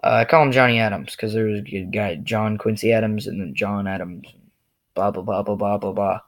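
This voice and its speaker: A man's voice: lowish voice, steady tone, fairly quick. A man ranting to the camera in a loose, rambling, jokey way, full of fillers. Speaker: vlogger. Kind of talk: rambling monologue rant.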